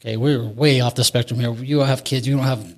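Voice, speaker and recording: A man's voice: medium pitch, fairly even intonation, fast. A man in his forties, an interview guest, telling a candid recovery story in a rambling way with restarts and nervous laughs.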